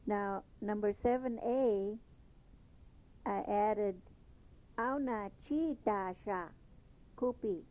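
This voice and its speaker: A woman teaching a language lesson, patiently repeating each phrase slowly before explaining it. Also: medium pitch. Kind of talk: slow spoken language lesson. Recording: tinny phone-like lo-fi recording.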